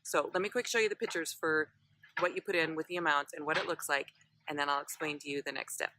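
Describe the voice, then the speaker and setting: A woman's voice: sits low, fairly even intonation, fast talker, pushed and bright, dry recording. A woman recipe vlogger talking in a bubbly, chatty way, with lots of fillers, explaining a recipe step by step. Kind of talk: casual cooking chat.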